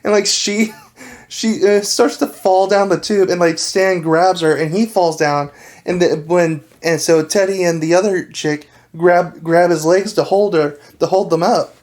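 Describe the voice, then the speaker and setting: A woman co-hosting a casual podcast chat, giggling often as she retells scenes with lively energy. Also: fairly low pitch, unhurried. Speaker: podcast co-host.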